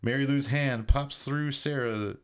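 A man's voice: medium pitch, steady tone, unhurried, clear, resonant tone. A man co-hosting a horror movie podcast, recapping a plot in a loose, profane storytelling way. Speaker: podcast co-host. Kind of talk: casual chat, recapping a film plot.

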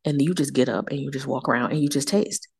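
Low-pitched woman, podcast guest, animated storyteller, slangy, does voices for quotes. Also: fast talker, creaky, breathy edge. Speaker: wine tour guest. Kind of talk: casual podcast chat.

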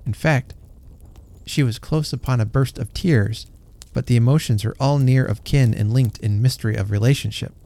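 Narrator for a classic story read aloud: man, mellow warm tone, unhurried and gentle. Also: mid-range voice, creaky.

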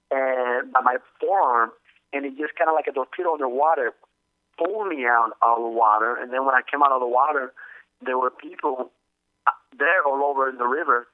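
A man from the Dominican Republic, a guest telling his story with many halting restarts over the phone. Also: medium pitch, no room sound. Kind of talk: casual testimony over the phone. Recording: tinny phone line, dry.

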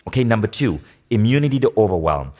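Teaching a workshop, a man gives an energetic motivational talk to a live audience, asking the room questions and repeating key phrases. He has a lowish voice and speaks fast.

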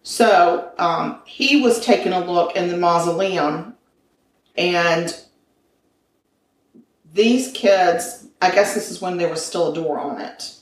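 A woman's voice: on the low side, slow pace, pauses often, distant mic. Woman, storyteller, casual chat, echoey room, a bit off mic. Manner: retells a ghost story with quoted inner thoughts.

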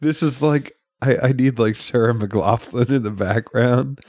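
A man co-hosting a podcast, talking in an animated, argumentative, casual way. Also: medium pitch, no room sound, clean studio sound. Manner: animated, argumentative, quick asides. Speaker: podcast co-host. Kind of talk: casual banter.

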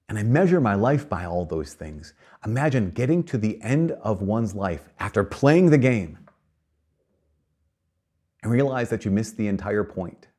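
A man's voice: fairly low pitch, a little mellow. A man preaching a conversational sermon, telling a children's story to make his point. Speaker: priest.

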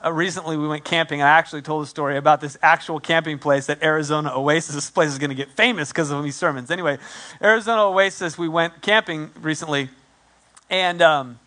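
A man in his forties, a pastor telling a story in his sermon, animated and self-deprecating, acting out what people said. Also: fairly high pitch, brisk.

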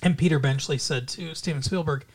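This podcast co-host rambles through movie plots in loose, animated casual chat. The voice sits at an ordinary middle pitch and wanders from point to point. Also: a little fast, husky.

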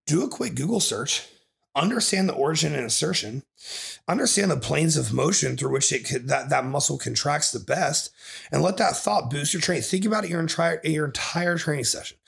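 A man's voice: fairly high pitch, lively intonation, a little fast, vocal fry, fairly bright tone. A man hosting a podcast as a bodybuilding coach, ranting in an aggressive, profane way and swearing constantly.

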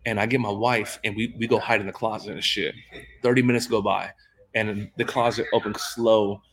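A man as a podcast guest, telling loud, animated stories in casual chat. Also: lowish voice, normal speed.

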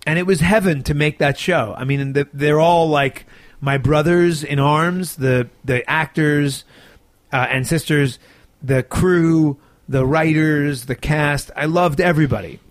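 A man with a slightly high voice talks animatedly about his work in an interview and sounds tired. The sound is dry and close, with no room echo. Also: unhurried. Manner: animated, chatty storyteller. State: tired, yawning. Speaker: actor and sitcom co-creator. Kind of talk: casual interview talk.

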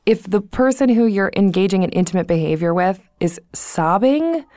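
A woman's voice: mid-range voice, lively intonation, moderate pace, dark tone, dry recording, studio quality. A young adult woman co-hosting a podcast in casual chat, blunt and profane, retelling a story with plenty of laughter. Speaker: podcast co-host.

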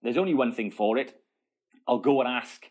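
An eager, fast-talking team captain, bursting with enthusiasm, as a man imitates him in a story. His words come out in a quick, excited rush. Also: medium pitch, background noise, close to an everyday voice. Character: excitable male rugby captain, fast, full of energy.

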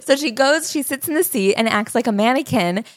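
A woman co-hosting a casual chat, retelling a memoir with wry, deadpan asides. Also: a little high, brisk, no room sound, studio quality. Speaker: podcast co-host.

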